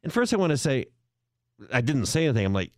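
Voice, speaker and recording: A man's voice: mid-range voice, very animated, quick pace, dry recording, clean studio sound. A man hosting a casual talk show, telling a story hesitantly with many restarts and asides. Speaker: podcast host.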